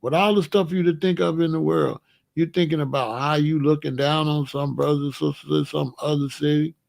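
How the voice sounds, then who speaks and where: Slightly high, gravelly, and a little mellow, a Chicago man's steady voice moves a bit fast as he hosts a casual commentary show. He uses loose slang, laughs a lot, and repeats himself, with no echo.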